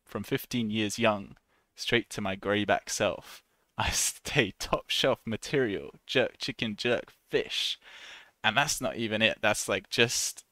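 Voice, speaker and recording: A man teaching an English lesson in a chatty, relaxed way, laughing often and acting out short example voices. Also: on the low side, dry recording. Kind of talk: casual online English lesson.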